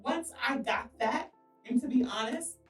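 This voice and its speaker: A high-voiced woman co-hosts a faith podcast, making bold declarations and backing up her partner. She sounds roomy and a little far from the mic, with faint music beneath her. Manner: affirming, declarative, quick to laugh along. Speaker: podcast co-host. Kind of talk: faith-based casual podcast talk.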